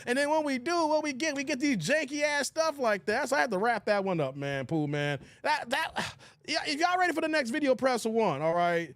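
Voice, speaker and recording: Man, high voice, dry close sound, animated livestream host, exclamatory chat. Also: moderate pace, no room sound. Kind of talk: casual reaction livestream chat.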